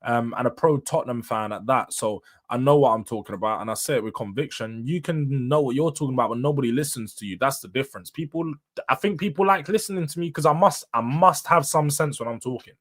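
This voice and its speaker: A man's voice: medium pitch, quick pace, fairly bright tone. A young man, hosting a casual solo football review; blunt and opinionated, full of slang, firing off questions and answering them himself. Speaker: football channel host.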